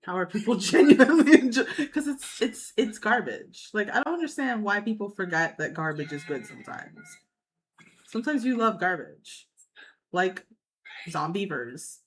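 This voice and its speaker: A woman's voice: medium pitch, animated, moderate pace, poor audio. A woman streamer chatting bluntly and laughing as she reacts to videos. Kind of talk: casual reaction chat.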